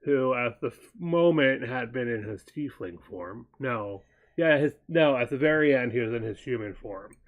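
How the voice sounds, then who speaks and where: A man co-hosting a casual chat show, wandering through his thoughts and pausing to recall details. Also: mid-range voice, lively intonation, phone-quality sound. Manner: meandering, stops to recall details mid-sentence.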